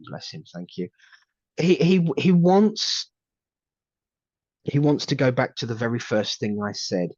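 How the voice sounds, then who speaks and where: A man giving a live psychic reading, talking haltingly with lots of fillers and repeated words. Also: mid-range voice, no echo, dull audio. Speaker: psychic medium.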